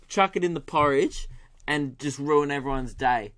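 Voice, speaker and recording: Animated sweary comedian. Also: male voice, on the high side, moderate pace. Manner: animated, sweary, laughing storytelling with put-on voices. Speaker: comedian podcast host. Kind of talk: solo comedy podcast rant.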